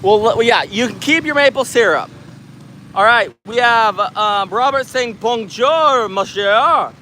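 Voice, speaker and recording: This American host reads his stream's chat aloud outdoors, joking and laughing in a casual live exchange. He speaks at a measured pace in a very high, pushed, bright voice with lively intonation, and the handheld camera mic picks up a little hiss or hum.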